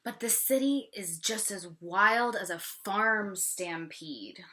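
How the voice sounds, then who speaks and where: A teacher reading a picture book to young children, slowly and with pauses to ask questions. Her voice is bright and clear, and each word is spelled out patiently. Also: medium pitch, animated. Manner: slow, questioning, explaining. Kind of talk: read-aloud for young children.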